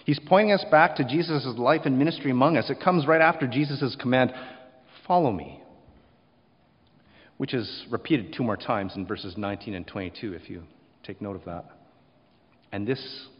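A man preaching a sermon, rising to loud emphasis and then dropping quiet, often acting out short quotes. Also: medium pitch, a little fast, in a large hall, lo-fi sound. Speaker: pastor.

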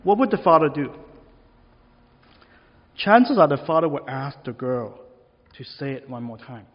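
A man's voice: fairly high pitch, expressive, unhurried, husky. Man preaching in a reverberant hall. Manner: conversational preaching with rhetorical questions. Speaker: pastor. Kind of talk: sermon. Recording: long reverb, dull lo-fi sound.

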